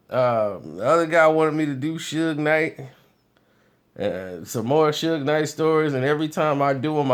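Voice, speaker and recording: A man vlogging, telling casual stories in an animated, loose way with frequent laughs. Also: on the high side. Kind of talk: casual storytelling.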